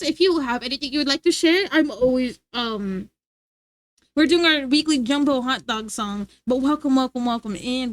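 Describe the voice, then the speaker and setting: A woman's voice: sits high, a bit bright, no room sound. A woman streamer chatting casually and playfully with her live chat, laughing often.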